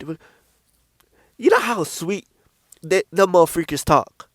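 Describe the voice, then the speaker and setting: Blunt, high-voiced man preaching. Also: lively intonation, measured pace, long pauses, no echo, clean studio sound. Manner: blunt, profane, repeats himself for emphasis. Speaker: Christian speaker. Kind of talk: casual preaching vlog.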